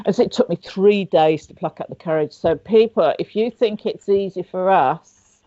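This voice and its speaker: A middle-aged woman, a psychic medium guest on a chat show, telling stories in a lively way and acting out what people said. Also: fairly low pitch, moderate pace, no echo. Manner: lively storyteller who acts out what people said. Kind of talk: casual chat, storytelling. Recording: dull, dry sound.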